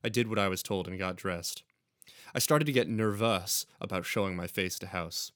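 A low-voiced man with a dry, teasing manner, co-hosting a casual chat and reading fiction aloud. The sound is close and dead, with no room around it. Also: normal speed, a bit bright, no room sound. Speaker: podcast co-host.

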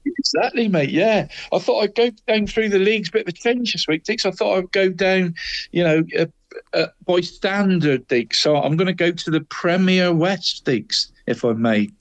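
A chatty man with a fairly high voice runs through local football results in casual sports chat. He keeps throwing "mate" and his co-host's nickname into nearly every line. The sound is close and dry. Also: normal speed, dry recording, muffled recording. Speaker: co-host of a local football show.

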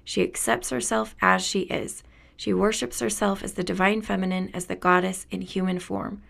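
A woman's voice: medium pitch, flat delivery, normal speed, gravelly, fairly bright tone. A woman hosting a spiritual podcast, talking in an earnest, enthusiastic way and laughing often. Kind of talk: reflective spiritual monologue.

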